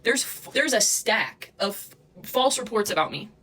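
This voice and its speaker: Fired-up young woman on a phone livestream, swearing, fast rant, answering chat as she goes. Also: medium pitch, animated, fairly bright tone.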